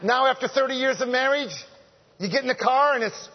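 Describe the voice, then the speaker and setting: Man, preacher, husky high voice, animated and joking, dull lo-fi church recording. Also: a little fast. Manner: animated, joking, repeats phrases, calls out to the men. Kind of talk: conversational sermon. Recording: echoey hall, dull lo-fi sound.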